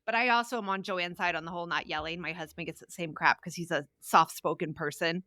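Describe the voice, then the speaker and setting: A woman's voice: fairly low pitch, fairly even intonation, quick pace, pushed and bright, no room sound, clean studio sound. A woman co-hosting a parenting podcast, joking and emphatic in casual chat.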